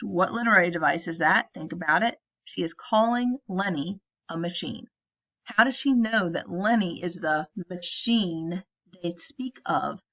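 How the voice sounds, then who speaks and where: Brief: chatty woman teacher in a casual classroom retelling, gravelly voice, dull lo-fi recording. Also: on the low side, fairly bright tone. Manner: chatty, tags statements with "right?".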